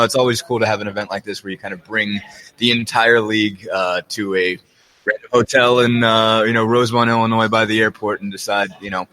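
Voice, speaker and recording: Male guest writer, quick and rambling, crisp bright sound, lowish pitch. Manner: quick, rambling with fillers like "you know". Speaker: sportswriter guest. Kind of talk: casual interview chat.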